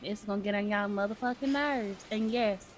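A woman's voice: medium pitch, normal speed, slight background noise. A woman co-hosting a podcast in casual chat, putting on an exaggerated Southern US accent. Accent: put-on Southern US. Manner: hamming up an exaggerated drawl. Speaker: podcast co-host.

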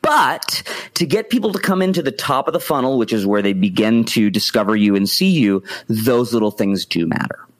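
A man from the United States, an interview guest, talking in an expressive, animated way. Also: moderate pace. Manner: animated and expressive, swoops pitch for emphasis.

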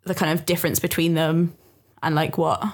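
A woman's voice: deep voice, level tone, brisk. Young adult woman guest; giggly, chatty, loose casual delivery. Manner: laughs often, chatty with many fillers. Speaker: podcast guest, YouTuber. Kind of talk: casual chat.

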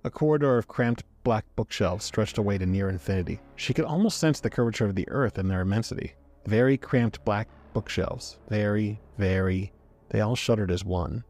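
A man narrating a story aloud in a measured, dramatic reading. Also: lowish voice, a little mellow. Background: faint background music.

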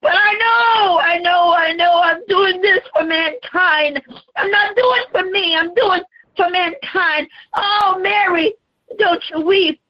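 A woman's voice: very high-pitched, takes it slowly, voice pushed up. A woman preacher voicing Jesus as a suffering man carrying the cross, pleading and crying out in a dramatic sermon portrayal. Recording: slightly dull lo-fi recording.

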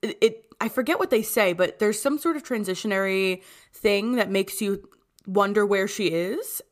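A woman's voice: medium pitch, normal speed. A young woman co-hosting a podcast, chatting casually, laughing often and retelling scenes. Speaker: podcast co-host. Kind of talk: casual chat.

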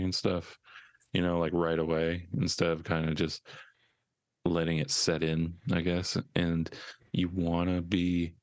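A man's voice: deep voice, monotone, measured pace, dry recording. A man co-hosting a casual podcast, laid-back and profane, chuckling often. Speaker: co-host.

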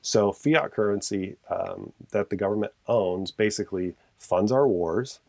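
A man's voice: lowish voice, measured pace, gravelly, darkish tone, dry recording. A man in casual conversation, explaining his views earnestly and at length, with frequent restarts. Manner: earnest, passionate, rambling with restarts.

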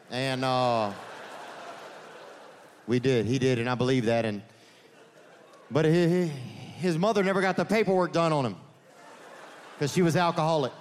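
A man working through a stand-up set at a live comedy venue. He talks in a rambling way, with deadpan asides and frequent restarts. His voice sits a little on the high side for a man, and a faint hum of ambience hangs behind him.

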